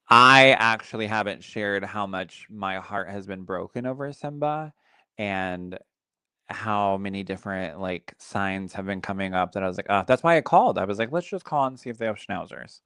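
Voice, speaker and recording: Male podcast co-host: smooth, clear mid-range voice, dry close sound, chatty and animated storytelling. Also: low-pitched, no room sound. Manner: animated, chatty storytelling, reads viewer comments aloud. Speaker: psychic medium and co-host. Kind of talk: casual podcast chat.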